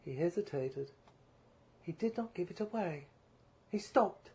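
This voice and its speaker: A woman reading a first-person story aloud, measured and deliberate. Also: fairly low pitch, expressive, a little mellow. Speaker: story reader.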